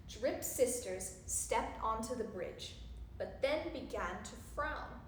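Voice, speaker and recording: A woman reads a rhyming picture book aloud for children in a sing-song voice. She speaks slowly with a high, light tone, and the roomy space gives her words an echoing tail over a faint hum. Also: expressive. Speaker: storyteller. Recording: roomy echo, faint background noise.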